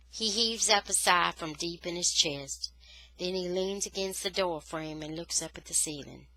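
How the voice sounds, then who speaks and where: A woman reading a children's novel aloud in a lively, expressive storytelling style. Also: fairly low pitch, moderate pace, low-quality recording. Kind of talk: expressive read-aloud narration.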